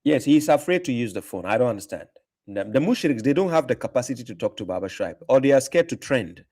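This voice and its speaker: This livestream host answers comments in a medium-pitched, dark-toned voice, talking quickly and with great animation. His casual stream talk turns combative and mocking, and he repeats himself to drive points home.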